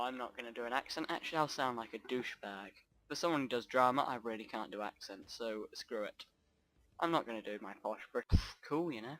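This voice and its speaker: A man's voice: mid-range voice, dry recording, poor audio. A man giving rambling let's play commentary over a strategy game, often trailing off and restarting his sentences. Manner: rambling, off-track, self-interrupting.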